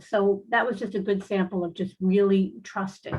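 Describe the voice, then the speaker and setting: A middle-aged woman tells personal stories on an online talk show, her pitch sitting in a middle range for a woman. She talks in a chatty, earnest way, with plenty of fillers and restarts, and sounds at ease as a spiritual guest speaker. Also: steady tone, normal speed, darkish tone, muffled recording. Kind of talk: casual personal storytelling.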